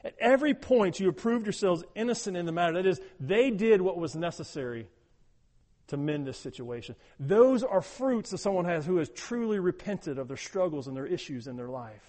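A male pastor preaching in a church hall, his voice set high for a man. He stresses his points hard, doubles up words, and drops to a hushed, prayerful tone between loud urging passages. The sound carries a long hall reverb. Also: animated, brisk. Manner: emphatic, repeats words, swings from loud urging to quiet prayerful tones. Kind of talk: sermon.

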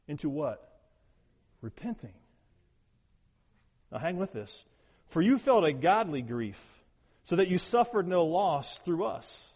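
Man, pastor, sermon, emphatic, repeats words, loud urging and hushed prayer, long reverb. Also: on the high side, sing-song, unhurried, pauses often, husky.

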